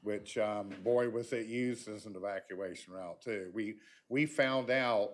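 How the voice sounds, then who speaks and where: A man's voice: lowish voice, measured pace. Folksy man at a county meeting. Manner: folksy, chatty with frequent ums. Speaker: public commenter at county meeting. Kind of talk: public comment at a government meeting.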